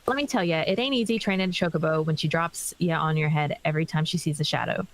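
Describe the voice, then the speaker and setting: A weary chocobo trainer from a game, read out by a woman. It is folksy and drawling, with a lowish voice. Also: quick pace, low-quality recording. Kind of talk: reading game dialogue aloud.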